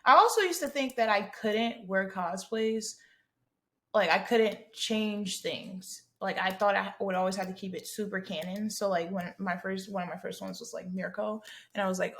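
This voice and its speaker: A woman's voice: medium pitch, normal speed, a bit bright. Blunt, slangy young woman chatting. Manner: blunt, slangy, swears freely. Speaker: podcast host. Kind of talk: casual solo chat answering listener questions.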